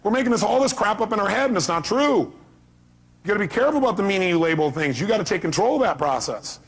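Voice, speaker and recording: A middle-aged male motivational speaker works a seminar crowd with emphatic points and questions to the audience. His voice is husky and sits a little high for a man. He presses each point hard. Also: expressive, fast.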